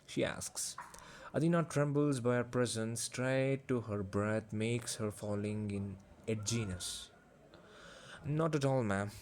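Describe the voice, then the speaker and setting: A man reads a fantasy story aloud as an audiobook narrator. His delivery is measured and steady, in a plain speaking voice. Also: fairly low pitch, slight background noise.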